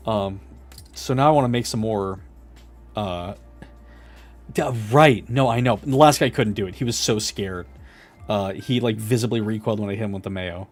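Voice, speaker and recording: A young adult man chatting casually while building a model kit, animated and laughing through his story. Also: on the low side.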